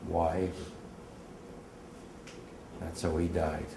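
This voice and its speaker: In an echoey room with background noise, a New Jersey man in his 80s recounts his war experiences to a class. His fairly low voice moves at a normal speed, and his vivid, emotional storytelling includes emphatic outbursts.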